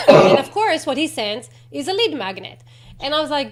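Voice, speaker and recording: A woman with a high voice hosts a casual interview. She talks emphatically and acts out both sides of her stories. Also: animated, moderate pace. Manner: emphatic, acts out quoted exchanges. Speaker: podcast host.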